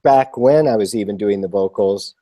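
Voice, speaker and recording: A man's voice: lowish voice, moderate pace, mellow, no room sound. A man chatting casually as a guest composer, rambling and self-deprecating with enthusiasm. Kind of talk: casual live chat.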